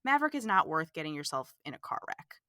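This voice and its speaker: A woman hosting a podcast, recapping a movie in casual, animated, exasperated chat full of "like". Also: deep voice, fast talker, no room sound, clean studio sound. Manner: animated, exasperated, fills talk with "like". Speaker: podcast host.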